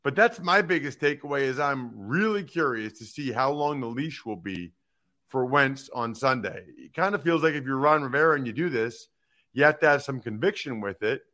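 A man hosting a sports talk show, giving emphatic, animated opinions on football news and teasing his co-host. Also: mid-range voice, moderate pace.

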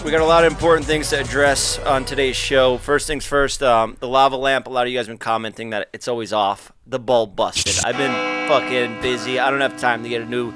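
A man hosting a podcast in casual, loud, joking banter with his guests, swearing freely. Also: medium pitch, steady tone, a little fast, hardly any pauses, over music. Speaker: podcast host.

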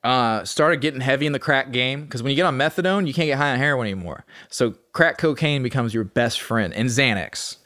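A man's voice: medium pitch, brisk, hardly any pauses, pushed and bright, no echo, studio quality. A man, a podcast guest from Texas, recounting his past in a casual, profane, streetwise way. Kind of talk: casual storytelling.

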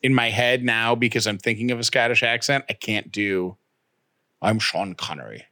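A man's voice: mid-range voice, fairly even intonation, a little fast, bright, forceful tone, dry recording. A man co-hosting a podcast, chatting casually and teasing his co-host with wisecracks. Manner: teasing, jokey, interrupts with wisecracks. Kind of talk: casual chat.

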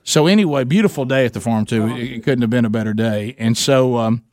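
A man, co-hosting a radio talk show and telling a story in an animated way with many restarts. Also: mid-range voice, fast talker, dry recording.

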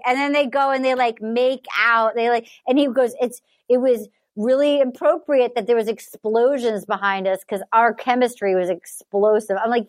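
High-voiced animated woman podcast host. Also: normal speed. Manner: animated, profane, lots of "like" and acted-out quotes. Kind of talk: casual comedic chat.

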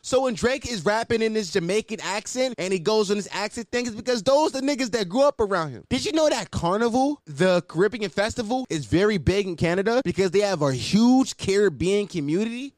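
A man hosting a commentary show, arguing in a profane, animated rant. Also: high voice, dry recording, studio quality. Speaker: commentary host.

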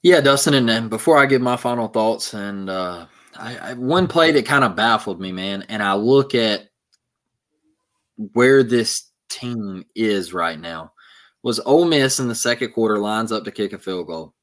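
A man's voice: fairly low pitch, animated, measured pace, fairly bright tone. A man co-hosting a sports recap podcast, walking through a play step by step in casual talk. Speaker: podcast co-host.

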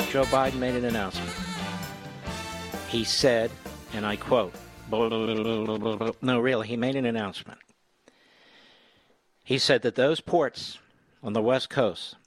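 A middle-aged man hosting a talk radio show, reading articles aloud with sarcastic commentary and squeaky mocking impressions. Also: no echo. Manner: mocks people with high, squeaky put-on voices.

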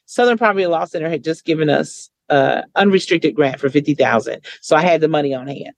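A woman speaking as a podcast guest, telling stories in a lively way and acting out other people's voices. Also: brisk. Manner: lively, acts out quoted voices with big pitch jumps. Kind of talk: conversational storytelling.

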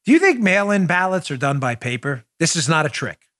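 A man hosting a political talk show, excitable and loud, with a sarcastic edge. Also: on the high side, fairly quick. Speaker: podcast host.

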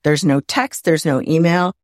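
Low-voiced woman telling lively stories. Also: normal speed, no echo, studio quality. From Midwest of the United States. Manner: lively anecdotes, acts out her own inner voice. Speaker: guest. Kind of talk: conversational storytelling. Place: home, indoors.

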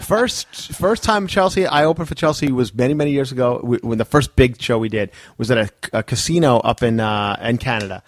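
A man's voice: mid-range voice, no room sound, clean studio sound. A man, a guest comedian, chatting and telling road stories in casual podcast banter. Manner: quick, chatty storyteller.

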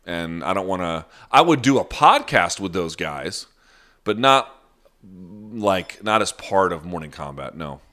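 A man's voice: low-pitched, sing-song, measured pace, sharp tone. A man hosting a casual live chat, answering viewer questions off the cuff in a blunt, profane way.

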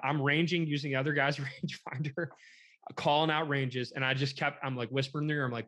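Young adult man, mid-pitch, chatty podcast guest, animated storyteller who quotes people. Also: a little fast. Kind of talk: casual storytelling chat.

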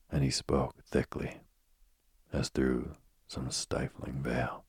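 A man narrating a ghost story aloud in a hushed, often whispered delivery. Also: completely flat delivery, takes it slowly, dry recording. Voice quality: very deep, husky voice.

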